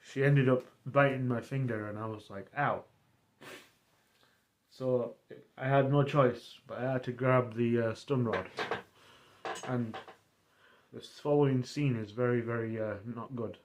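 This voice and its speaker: A man streaming and casually retelling a roleplay story, rambling and halting as he goes. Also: medium pitch, steady tone, a little hiss or hum. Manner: rambling, halting, many fillers and restarts.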